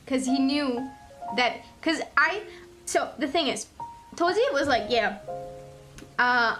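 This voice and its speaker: High-voiced tearful woman streamer, stuffy nose. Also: a little slow. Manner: emotional, tearful, rambling, swears. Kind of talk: casual livestream chat. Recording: music playing under voice. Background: background music.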